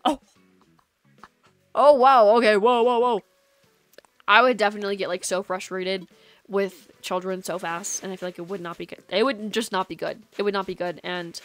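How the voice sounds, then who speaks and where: A young woman streaming a game, chatting casually and giggling, with lots of "like" fillers, on a USB microphone at home. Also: mid-range voice. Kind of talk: casual stream chat while gaming. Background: soft lofi music.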